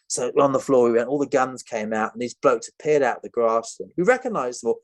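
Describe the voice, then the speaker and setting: A man, a podcast guest telling a story with lively energy, who acts out the voices of other people and often laughs. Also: mid-range voice, a little fast, hardly any pauses.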